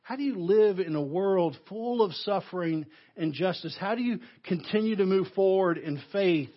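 Pastor, man, Southern US accent, husky and a bit high, emphatic sermon delivery, dull lo-fi church recording. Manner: emphatic preaching, swinging between loud stresses and hushed, slow phrases. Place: church sanctuary.

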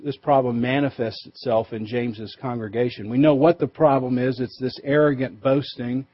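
A male pastor preaching a sermon, emphatic, pushing his voice up for stress and dropping low and quiet to drive points home. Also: highs cut off. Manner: emphatic, rises and drops for stress.

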